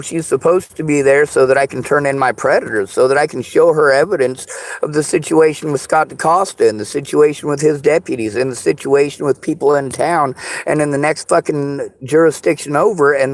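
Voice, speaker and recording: A man in an angry personal vlog rant. He talks in a bitter, accusing way, swears constantly and often shouts. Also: on the high side, no room sound. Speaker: vlogger.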